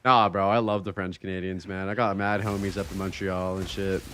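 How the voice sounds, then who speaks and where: A man streaming a video game live, chatting casually with his viewers, excitable and swearing freely. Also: low-pitched, fairly quick, slight background noise. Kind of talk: casual live-stream chat while gaming.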